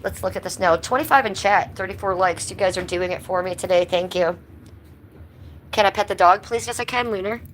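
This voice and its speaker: A woman's voice: lowish voice, quick pace, hardly any pauses, slight background noise. A woman livestreaming casually from a handheld phone at home, reading chat aloud in a blunt, sweary, jokey way. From Cleveland, US. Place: at home, stepping outside in the cold. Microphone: phone held by hand.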